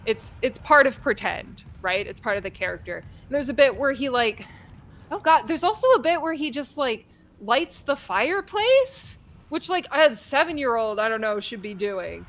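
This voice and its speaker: A woman's voice: a little high, expressive, moderate pace, a bit bright. Rambling casual woman streamer. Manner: rambling, many fillers. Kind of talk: casual chat retelling a game story.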